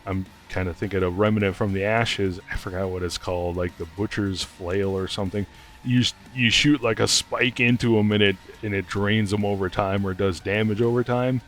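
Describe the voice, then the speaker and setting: A man's voice: fairly low pitch, steady tone, moderate pace, a bit bright, faint music behind. Chatty man musing over game news. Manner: chatty and speculative, thinking aloud. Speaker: gaming video host. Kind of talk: casual gaming news commentary.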